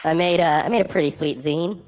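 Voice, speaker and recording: A male stand-up comedian delivering his set in a halting, deadpan ramble full of fillers. The recording is noisy, with clicks running through it. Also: on the high side.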